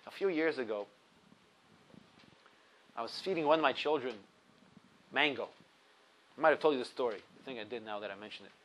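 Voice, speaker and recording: A man in his thirties teaches a Torah lesson to a class, explaining the religious text through stories, building his points with rising emphasis and laughing at his own anecdotes. His mid-range voice has a fairly bright tone, moves fairly quickly with frequent pauses, and the recording is rough.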